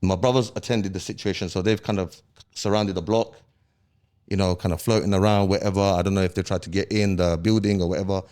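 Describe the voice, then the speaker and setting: A man talks as a podcast guest, his voice sitting on the low side. He tells his story heatedly in street slang. He keeps checking in with his listener. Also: steady tone, fairly quick, darkish tone. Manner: street slang, checks in with "yeah?" after each point; heated, emphatic retelling. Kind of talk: casual storytelling interview.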